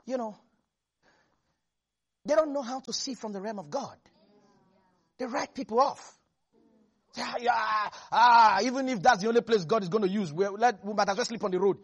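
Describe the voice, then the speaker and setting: A preacher delivering a lively sermon that swings between hushed asides and shouts. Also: mid-range voice, moderate pace, long pauses, husky.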